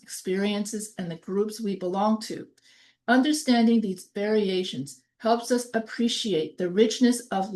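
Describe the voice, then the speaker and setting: A woman's voice: mid-range voice, darkish tone. A woman with a New York accent, a college instructor giving a recorded online lecture and explaining in short phrases, partly reading from notes.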